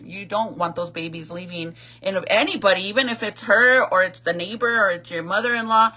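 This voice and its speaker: Chatty, swearing woman with a bright voice. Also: mid-range voice. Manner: chatty, blunt, swears freely, talks straight to viewers. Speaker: vlogger retelling a viral video. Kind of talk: casual storytime commentary.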